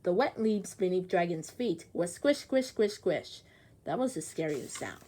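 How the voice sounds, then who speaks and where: A woman's voice: lowish voice, animated, a little slow, mellow, a little hiss or hum. A woman reading a children's storybook aloud expressively, acting out the sound effects.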